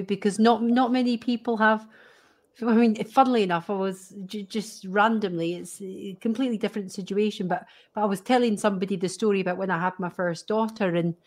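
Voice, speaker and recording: A woman's voice: medium pitch, darkish tone. A woman hosting an interview podcast, chatting and sharing a story of her own, often stumbling over her first words. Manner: chatty, repeats words as she starts. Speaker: podcast host. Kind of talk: conversational interview.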